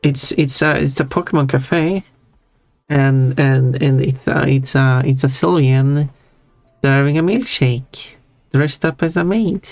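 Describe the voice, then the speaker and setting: A streamer chatting casually during a drawing session, talking slowly and unhurriedly at a mid pitch. Sentences often stall, restart and trip over themselves while the streamer reads out and answers chat messages. Soft music plays faintly underneath. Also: gravelly, dry recording. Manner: rambling, frequent restarts and stammers. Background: faint background music.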